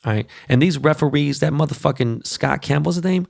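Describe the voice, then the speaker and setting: Talking fast in a gravelly, somewhat high voice, a man hosts a podcast where he launches into a profane, animated basketball rant and promotes events. The audio is clean studio sound with no echo.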